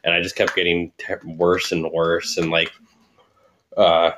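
A man's voice: deep voice, monotone, unhurried, a bit bright, a little hiss or hum. A man co-hosting a casual podcast, rambling through a story with constant filler words. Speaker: podcast co-host. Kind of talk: casual chat.

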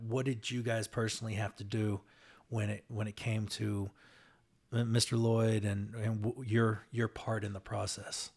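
Male podcast host, lowish, flat delivery, gentle and hesitant with his questions.

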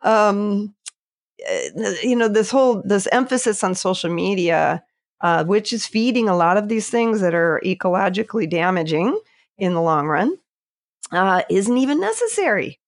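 A woman's voice: mid-range voice, expressive, moderate pace, no room sound, studio quality. A middle-aged woman, a landscape photographer, talking as a podcast guest in a thoughtful, hesitant way with many fillers. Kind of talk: casual interview chat.

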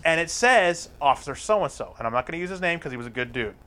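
A man's voice: on the high side, animated, quick pace, pushed and bright. A man telling a crude, profane story in casual chat, acting out the lines of the people in it.

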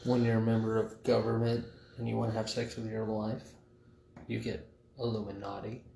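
A man's voice: lowish voice, monotone, normal speed, gravelly. A man co-hosting a podcast in casual banter, blunt and profane, telling stories. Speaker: podcast co-host. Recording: echoey room with faint noise.

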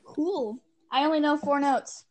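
A woman's voice: high voice, steady tone, measured pace. A young woman co-hosting a casual podcast, rambling and distracted, swearing offhandedly as she fiddles with links. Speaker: podcast co-host. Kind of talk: casual chat.

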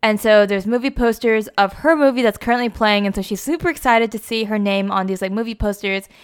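A young woman recounts a story in a relaxed, chatty way, peppering it with fillers. Her voice is smooth and clear, sitting at an ordinary middle pitch. She talks like she is catching up with a friend. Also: fairly quick. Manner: chatty, lots of "like" and "you know". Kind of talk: casual plot retelling.

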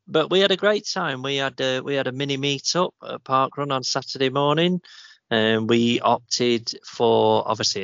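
A man's voice: medium pitch, a bit bright, smooth, dry recording. A man co-hosting a running podcast, telling a weekend story in a rambling, easygoing way. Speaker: podcast co-host. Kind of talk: casual chat. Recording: slightly dull, dry sound.

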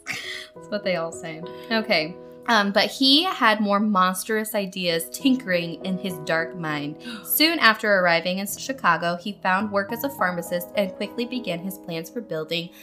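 A woman's voice: medium pitch, animated, moderate pace, sharp tone, faint music behind. A woman co-hosting a podcast, chatting casually and reading notes, with a giggly, chatty manner and a lot of "like". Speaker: podcast co-host.

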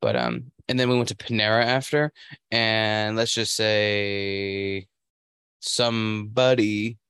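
A young man co-hosting a podcast, telling a story in casual chat with halting restarts. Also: lowish voice, steady tone, fairly bright tone, clear, resonant tone, dry recording, studio quality. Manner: storytelling, halting restarts, puts on voices for quotes. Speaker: podcast co-host.

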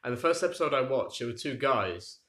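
With a mid-range, slightly bright voice, this young podcast co-host talks in an animated, fairly quick way. He spins long, meandering stories in casual conversation and chuckles at his own digressions, all over a roomy echo.

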